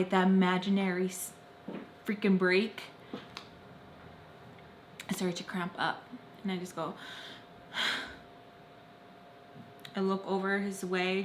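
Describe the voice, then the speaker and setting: Young woman telling a heavy story to camera, repeats stuff, gets loud then quiet. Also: mid-range voice, a little hiss or hum. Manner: repetitive, intense storytelling with sudden loud and soft swings. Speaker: vlogger. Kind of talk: emotional story-time narration.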